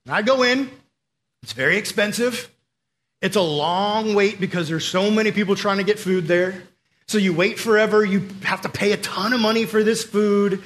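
A young adult man giving a casual, energetic sermon, telling stories and acting out the voices he quotes. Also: high-pitched.

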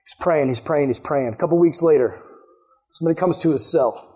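A man with a high, light voice delivers a relaxed youth sermon. He talks to the room directly in casual slang and acts out the people in his story with quick jumps in pitch. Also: slightly rough. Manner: animated storytelling, acting out characters with sudden high-pitched quotes. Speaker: youth pastor.

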